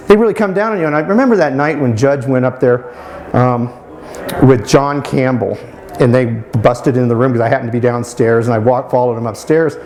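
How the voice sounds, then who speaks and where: A man in his fifties, remembering his school days in an interview. He speaks at a middle pitch with a fond, admiring tone, often pausing, restarting and filling gaps with "you know". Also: darkish tone. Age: 50s. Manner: halting, with many restarts and "you know" fillers. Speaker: alumnus interviewee. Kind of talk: reminiscing interview answers.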